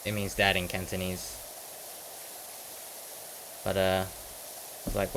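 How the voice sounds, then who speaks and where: Rambling nineteen-year-old man, low voice. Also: huge pitch swings, slow, vocal fry, long pauses, a bit bright, a little hiss or hum, low-quality recording. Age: teens. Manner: rambling, chatty, jokes at his own expense; sometimes slips into a mock British slang voice. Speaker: gaming commentator. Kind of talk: casual chat while playing a game.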